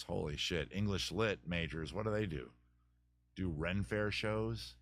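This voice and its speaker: A man's voice: low-pitched, measured pace, fairly bright tone. A man hosting a live advice stream, chatting casually and joking as he thinks aloud with many restarts.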